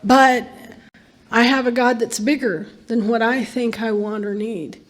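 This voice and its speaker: A woman's voice: on the high side, steady tone, a little slow. Middle-aged woman sharing her recovery story. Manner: earnest, emphatic storytelling with bursts of laughter. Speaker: recovery meeting speaker. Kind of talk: personal testimony talk.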